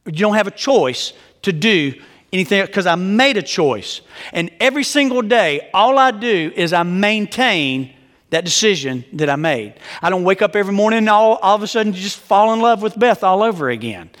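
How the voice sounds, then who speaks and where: Middle-aged male pastor, high-pitched, emphatic storyteller, sermon in a reverberant hall. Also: expressive, normal speed, fairly bright tone. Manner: conversational, joking, emphatic storyteller. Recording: long reverb of a large hall.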